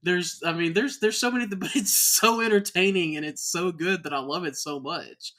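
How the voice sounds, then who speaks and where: A man hosts a casual movie podcast in a bright, forceful voice. He talks in quick, animated bursts, laughing and restarting often. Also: high-pitched. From American South. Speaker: podcast host.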